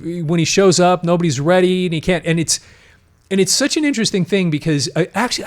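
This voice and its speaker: Rambling male podcast host, slightly high. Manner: rambling, restarts, emphatic explainer. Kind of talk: casual conversational commentary.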